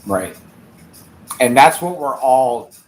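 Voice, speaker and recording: A man guesting as a magician in a casual interview, speaking haltingly with frequent restarts. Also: mid-range voice, expressive. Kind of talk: casual live-stream interview. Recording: echoey room, faint background noise.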